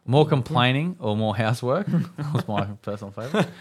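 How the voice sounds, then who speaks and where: Aussie bloke reading out comments on a dad podcast, dry and laughy. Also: male voice, mid-range voice, animated, fairly quick, breathy edge. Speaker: podcast co-host. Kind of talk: casual chat, reading listener replies.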